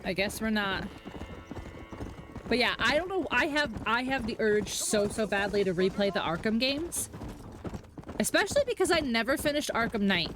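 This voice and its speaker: A woman's voice: a little high, expressive, moderate pace, long pauses, noisy background. A woman streamer giving casual, rambling commentary while she plays, swearing freely.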